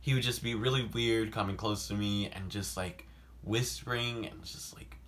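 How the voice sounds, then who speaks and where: Young male vlogger, storytime delivery, bright tone, swearing, lots of filler words. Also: lowish voice, moderate pace, a little hiss or hum. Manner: animated, swears often, heavy "like" filler, sudden loud outbursts. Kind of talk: casual storytime monologue.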